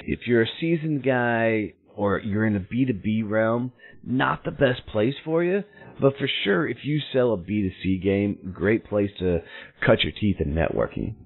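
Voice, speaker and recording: A man in his thirties, a show host telling a personal story in an animated way, acting out the people in it. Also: lowish voice, a little slow, creaky. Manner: animated, acts out quoted voices in his story. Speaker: podcast host. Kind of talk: storytelling monologue. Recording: tinny phone-like audio.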